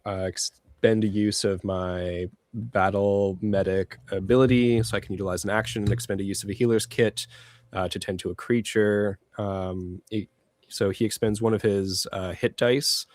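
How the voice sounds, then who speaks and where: A man playing a tabletop game, talking through his moves in a deliberate, rules-focused way. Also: sits low, fairly even intonation, a little mellow, dry recording. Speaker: player.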